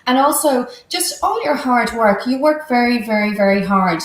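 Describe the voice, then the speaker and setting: A woman's voice: a little high, animated, moderate pace, echoey room. An Irish woman hosting a casual live-stream chat, gushing and enthusiastic. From Ireland. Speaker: host, violinist.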